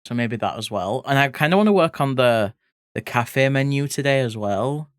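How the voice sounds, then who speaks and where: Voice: medium pitch, animated, moderate pace, clean tone, no room sound, studio quality. A streamer, chatting casually and playfully with live viewers while drawing, reading chat aloud and swearing now and then. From England (grew up in Leeds). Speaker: art streamer.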